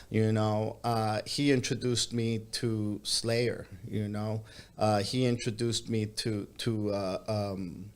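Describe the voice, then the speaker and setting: A man as a podcast guest, telling a long story in casual chat with many hesitations. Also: fairly low pitch. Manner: meandering storytelling with frequent hesitations.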